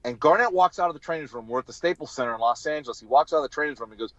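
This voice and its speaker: A former sideline reporter tells stories in an interview, lively and acting out what people said. His fairly high voice races along with few pauses, and the podcast audio sounds dull and dry.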